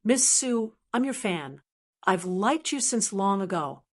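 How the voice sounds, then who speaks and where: A woman's voice: mid-range voice, expressive, slow pace. A woman reading as a crude, arrogant rich young man. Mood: leering. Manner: boastful and lewd.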